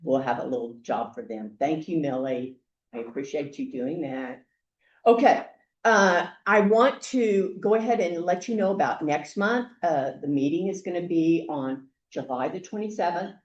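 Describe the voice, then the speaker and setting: A woman's voice: sits low, darkish tone, reverberant, highs cut off. Chatty older woman hosting a meeting. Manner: chatty, halting, with many fillers. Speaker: meeting host. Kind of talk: casual welcome remarks. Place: meeting room.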